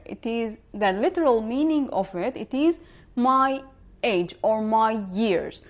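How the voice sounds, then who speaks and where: A woman teaching an online language lesson, slowly and carefully pronouncing the example words. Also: fairly high pitch, muffled recording.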